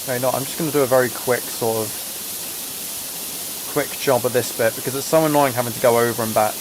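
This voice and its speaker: A young British man hosting a relaxed livestream, chatting casually and rambling as he answers his chat. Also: medium pitch, quick pace. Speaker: livestream host. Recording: steady hiss of spraying water behind.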